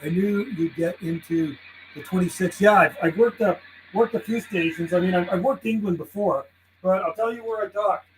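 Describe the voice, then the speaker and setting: A man live-streaming from his home radio desk, chatting casually with viewers and calling out to other radio stations in a relaxed, friendly way. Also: high-pitched, normal speed, faint music behind, low-quality recording. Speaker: CB radio livestreamer. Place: warm house indoors.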